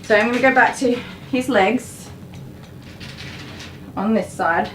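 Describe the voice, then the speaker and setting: A woman dog groomer on a live stream, firmly telling a dog to stop and then calmly explaining her work to viewers. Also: fairly high pitch, slow. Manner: firm commands to dog, then calm explaining. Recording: noisy grooming room with clipper buzz.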